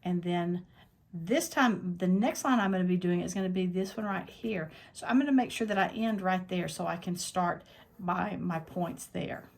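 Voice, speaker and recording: Speaking at a normal speed in a fairly low voice with vocal fry, a woman walks through a quilting tutorial step by step. She sits at the longarm machine in her quilting workspace, keeping things practical and plain while thinking aloud.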